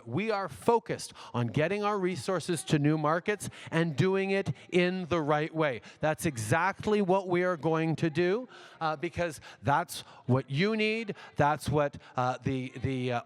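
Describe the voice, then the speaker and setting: A man, a politician, answering audience questions at a town hall in a measured way, repeating phrases and using frequent fillers. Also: fairly high pitch, fairly bright tone. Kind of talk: unscripted public Q&A answers. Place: large university hall. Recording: long echo of a big hall.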